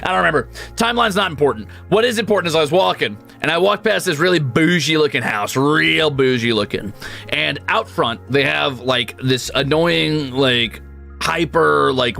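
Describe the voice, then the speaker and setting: A man's voice: a little high, animated, moderate pace, vocal fry, sharp tone, faint music behind. A young adult man streaming, chatting casually and rambling through a profane story. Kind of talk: casual chat.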